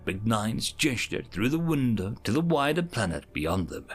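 A man narrating a science fiction story aloud in an even, descriptive reading style. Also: lowish voice, normal speed, husky, soft background music.

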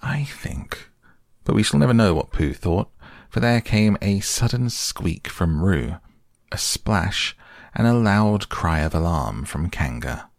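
A man reading a children's story aloud in a gentle, measured storytelling manner. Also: low voice, animated, gravelly, no room sound, clean studio sound.

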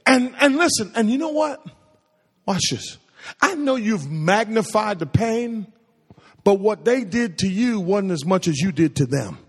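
A man's voice: sits high, animated, unhurried, breathy edge. A man preaching a sermon in a church sanctuary, using call-and-response and repeating phrases for emphasis. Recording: echoey hall with long reverb.

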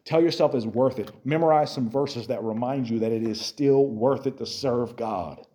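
A man preaching a sermon to a youth group, animated, swinging from quiet talk to shouting and speaking straight to his listeners. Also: mid-range voice, normal speed.

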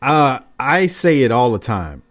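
A man's voice: mid-range voice, very animated, unhurried, fairly bright tone. Rambling man hosting a podcast. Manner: loose, rambling, fired-up opinions. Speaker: podcast host. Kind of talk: casual podcast chat.

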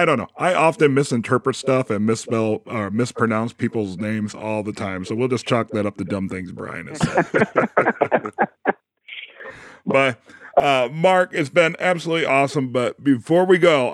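A man's voice: medium pitch, moderate pace, dry recording, clean studio sound. Easygoing laughing podcast host man. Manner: easygoing, laughs often, self-deprecating. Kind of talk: casual podcast interview.

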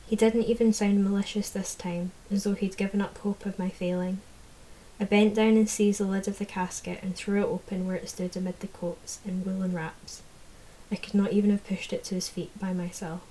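A woman narrating a fantasy audiobook in the first person, in a measured, low-key way. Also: flat delivery, dark tone, poor audio.

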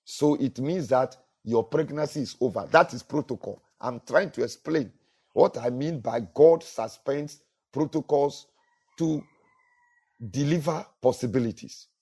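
A man's voice: mid-range voice, a little slow, warm tone, breathy edge. A male pastor preaching a sermon, earnest, with repetitions and restarts.

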